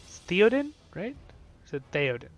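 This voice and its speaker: Young male game host, excitable chatty commentary, fairly high voice, faint music behind. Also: moderate pace. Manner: excitable, chatty, swings between loud and soft. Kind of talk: casual gameplay commentary.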